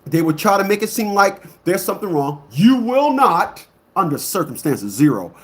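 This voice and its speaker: Guy ranting on his stream, kinda high voice, blunt and repetitive, gets loud then mutters. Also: big pitch swings, normal speed. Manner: swings between loud outbursts and low muttering. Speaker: online commentator. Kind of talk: ranting monologue to a live audience.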